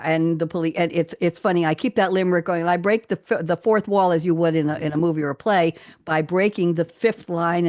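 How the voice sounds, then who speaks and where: A woman's voice: lowish voice, darkish tone, no echo, clean studio sound. A woman guest on an interview show, chatting cheerfully, laughing often and reading her own poems aloud. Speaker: guest poet.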